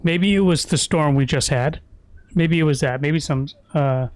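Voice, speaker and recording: A man's voice: fairly high pitch, a little slow, dry recording. A man giving casual, crude and profane commentary while streaming a video game. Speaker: gaming streamer.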